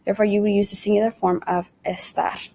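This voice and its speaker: A woman delivers a recorded Spanish lesson in English, talking fast in a medium-pitched, dark voice with flat delivery. She still works through the material patiently step by step, slips Spanish words and conjugations between her English, and repeatedly calls the class "guys."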